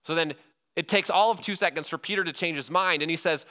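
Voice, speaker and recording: Bright-voiced man preaching with animation. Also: on the high side, quick pace. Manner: animated storytelling, acts out quoted lines with laughs. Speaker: pastor. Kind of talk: sermon.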